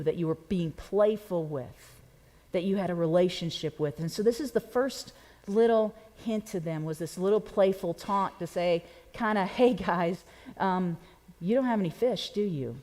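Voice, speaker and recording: A woman's voice: medium pitch, moderate pace, mellow. A woman pastor, preaching a sermon in a conversational, playful way and speaking directly to her congregation. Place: church sanctuary. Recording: long church reverb.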